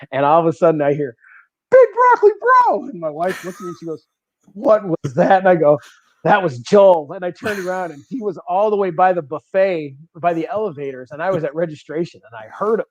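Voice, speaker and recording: Animated man telling stories, dry lo-fi sound. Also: on the high side, fast talker, dry recording. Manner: animated, laughing often, repeating words as he goes. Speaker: guest bowler. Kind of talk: casual storytelling in a podcast interview. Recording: slightly dull, dry lo-fi audio.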